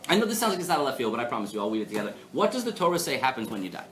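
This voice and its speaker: A man delivering an informal lecture to a live audience, his pitch rising and falling in a very animated way. He jokes often and keeps throwing questions to the room. Faint noise sits under the voice. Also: very fast. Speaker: rabbi teaching a weekly class. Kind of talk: lively informal Torah lecture. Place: class before a live audience.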